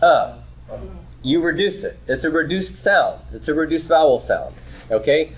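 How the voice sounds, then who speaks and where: A man's voice: on the high side, expressive, normal speed, husky. A man teaching a Hebrew grammar class, explaining step by step and checking in with students through frequent "okay?" and "right?". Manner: repeats and restarts phrases while explaining. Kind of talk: classroom lecture.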